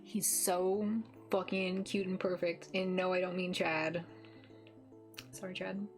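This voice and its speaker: A woman's voice: lowish voice, little pitch movement, slow pace, faint music behind. A young adult woman streaming from home, chatting casually with her viewers in a teasing, giggly way and swearing casually. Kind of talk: casual live-stream chat. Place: home with green screen.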